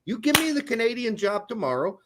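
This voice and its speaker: A man's voice: very high voice, very animated, brisk, noisy background. A man co-hosting a casual soccer podcast, ranting with plenty of profanity. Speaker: podcast co-host. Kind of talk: casual sports chat.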